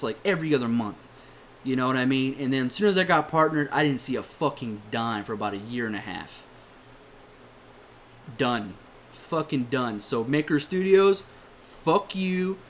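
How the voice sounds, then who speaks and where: A man's voice: on the high side, slight background noise. A young man, a YouTuber, delivering a heated, profane rant to his viewers, blunt and swearing often. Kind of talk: angry rant to camera.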